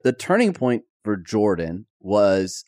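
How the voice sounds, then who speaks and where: A man hosting a podcast, interviewing his co-host and recounting a shared story, growing animated as he retells it. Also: fairly low pitch, slow, no room sound, clean studio sound. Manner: conversational, animated when retelling.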